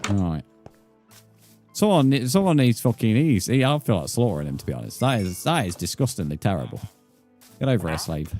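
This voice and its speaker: A young British man with a low voice, streaming a game and chatting to his viewers. He talks bluntly, swears freely and drifts between mock outrage and plain explanation. Faint music plays behind him. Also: sing-song, brisk, a little mellow. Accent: British English. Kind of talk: live-stream gameplay chat.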